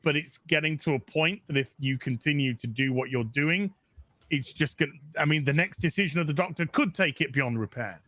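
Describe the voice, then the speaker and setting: Blunt bright-voiced man on a livestream. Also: a little high, brisk. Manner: blunt, swears freely, mocking impressions. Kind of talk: casual livestream chat.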